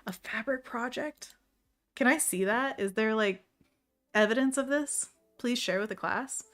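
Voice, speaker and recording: Hosting a livestream while painting envelopes, a woman chats casually, reads viewer messages aloud, and laughs often, talking to herself as she works. Her voice is on the high side, a little slow and a bit bright, with faint music behind her.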